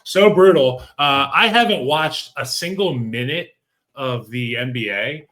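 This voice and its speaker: A man's voice: mid-range voice, lively intonation, a little slow, fairly bright tone. A man co-hosting a sports talk show, chatting casually and telling stories over a video call. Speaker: podcast co-host.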